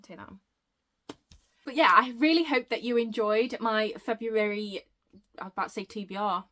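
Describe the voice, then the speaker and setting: A woman chatting excitedly on her book vlog, gushing and rambling with self-interruptions, a bit out of breath. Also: on the high side, moderate pace. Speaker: book vlogger. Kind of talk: casual chatty book review.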